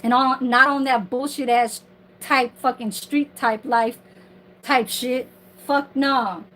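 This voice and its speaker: A woman's voice: high-pitched, steady tone, slow pace, a bit bright, low-quality recording. A woman ranting on her livestream from home in a casual, heated, profane and rambling way.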